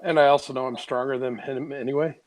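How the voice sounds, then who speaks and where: A man's voice: medium pitch, fairly even intonation, quick pace, a little mellow. A man playing a tabletop game, checking rules and laughing between questions. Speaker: player. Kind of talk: casual chat.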